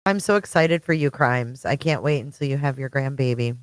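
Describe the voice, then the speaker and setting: Low-voiced chatty woman livestreamer. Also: fairly quick, dry recording. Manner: chatty, greets viewers by name. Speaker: livestream host. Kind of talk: casual live-chat stream.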